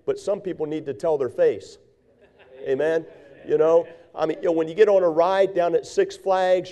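A man's voice: a little high, dark tone. A man preaching a sermon to his church, building up with repeated phrases. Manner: repetitive preaching cadence, rising in fervor. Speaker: pastor.

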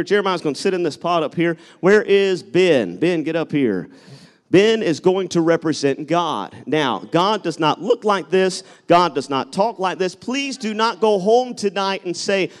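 A man preaching a sermon, telling stories and rising into loud exhortation. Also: high-pitched. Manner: animated, shifts between storytelling and loud exhortation. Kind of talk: sermon with live object lesson.

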